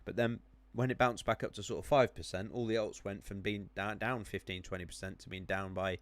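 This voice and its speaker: A man's voice: lowish voice, fairly even intonation, brisk. A man running a live stream on crypto charts, chatting with viewers, rambling with many ums and self-corrections while clicking around.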